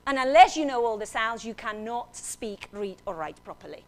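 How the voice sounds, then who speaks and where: A phonics teacher gives an animated talk on stage, her fairly high voice expressive and her pace normal with hardly any pauses. Playful and theatrical, she leads the audience in repeating sounds as part of a classroom-style demonstration.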